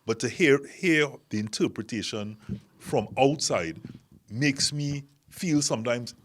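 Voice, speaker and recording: A man's voice: medium pitch, measured pace. A man with a Trinidadian accent hosting a casual group discussion, talking in long, reflective, winding sentences. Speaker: podcast host.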